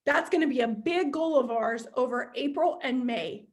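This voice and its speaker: A woman's voice: high voice, moderate pace. A young woman leading a team meeting, chatty and open, acting out inner voices as she talks. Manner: open and emotional. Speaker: sales team leader. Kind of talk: motivational team meeting talk.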